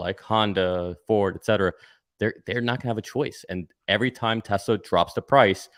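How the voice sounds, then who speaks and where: Male panelist, low, dry, insistent opinion talk. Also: no echo. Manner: emphatic, repeats "right?". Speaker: livestream panelist. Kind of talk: casual opinion chat.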